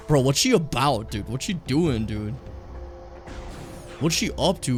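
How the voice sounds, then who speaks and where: A man's voice: mid-range voice, expressive, unhurried, long pauses, soft background music. A tired man in his late twenties, streaming a game casually, swearing freely and stumbling as he reads on-screen text aloud. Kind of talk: casual gameplay commentary.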